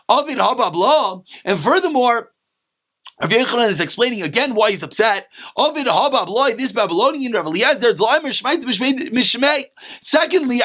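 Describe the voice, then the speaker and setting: A man with a very high voice teaching a daily Talmud class. He reads short Aramaic phrases, then explains them in casual, conversational English. His voice jumps up sharply whenever he stresses a point. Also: a bit bright. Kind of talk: Talmud lesson, reading and translating.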